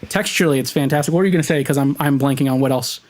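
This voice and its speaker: A man's voice: mid-range voice, racing, darkish tone. A man co-hosting a casual podcast, reading listener messages and chatting with laughs and frequent restarts. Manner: laughing, rambling, with many restarts. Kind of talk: casual chat.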